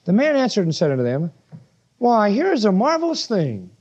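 Here the sermon moves briskly, with the same male preacher's high, animated voice leaping around to hammer each point. Rhetorical questions come thick and fast amid his emphatic preaching, all captured on a dull, lo-fi recording.

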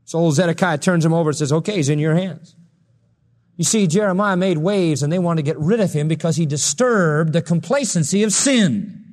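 A man's voice: a little high, fairly quick, darkish tone, big-room sound. A man preaching a sermon, acting out quoted lines with a raised voice between plain explanation. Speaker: pastor.

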